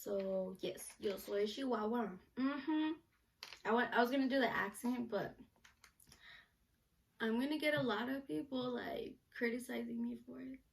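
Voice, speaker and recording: A woman's voice: on the high side, moderate pace, creaky, pauses often. A young woman chatting casually to camera in a question-and-answer vlog, bubbly and full of "like" and "you know". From United States, Mexican parents. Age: young adult. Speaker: vlogger, student reporter.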